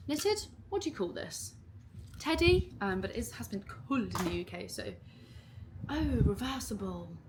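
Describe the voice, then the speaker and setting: A young woman, chatting casually at home while unboxing a clothing haul in an excitable, gushing way. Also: medium pitch, background noise. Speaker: vlogger.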